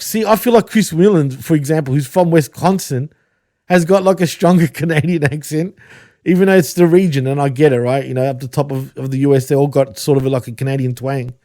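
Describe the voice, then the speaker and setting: A man's voice: fairly high pitch, moderate pace, mellow, no echo, clean studio sound. An Australian man co-hosting a podcast, chatting casually, swearing freely and laughing often. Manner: swears often, laughs a lot, says bro and dude. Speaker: podcast co-host. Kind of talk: casual chat.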